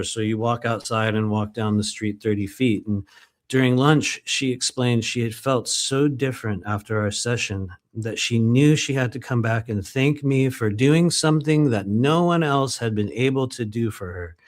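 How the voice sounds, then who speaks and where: Chatty man reading his own memoir. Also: mid-range voice. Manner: chatty, swears, laughs often, breaks off to comment. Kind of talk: live book reading with casual asides.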